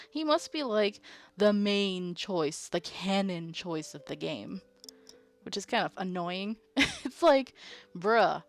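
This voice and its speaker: A woman's voice: mid-range voice, a little slow, dry recording. Chatty woman streamer reading game text. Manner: chatty, playful, reacts to chat. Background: faint game music.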